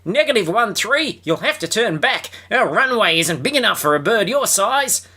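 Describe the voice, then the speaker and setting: A man voicing a brash, gruff male mouse who runs an airstrip, with a thick Australian accent and a grumbling manner. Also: fairly high pitch, very animated, slow, sharp tone, voice pushed up, exaggerated voice. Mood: barking.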